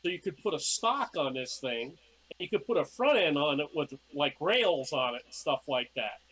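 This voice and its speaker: A man with a fairly high voice tells casual stories as a podcast guest. He is animated and slips into acting out his own past lines as he goes. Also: normal speed, breathy edge, low-quality recording. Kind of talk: casual storytelling.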